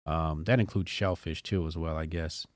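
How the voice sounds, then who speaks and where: A man's voice: a bass voice, steady tone, normal speed, no room sound. A man hosting a casual opinion show, talking bluntly with rambling, joking asides. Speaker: commentary show host.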